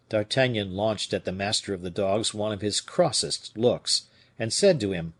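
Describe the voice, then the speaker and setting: Brief: male audiobook reader, husky and fairly deep, measured delivery. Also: lively intonation. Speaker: audiobook narrator. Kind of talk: scripted audiobook narration.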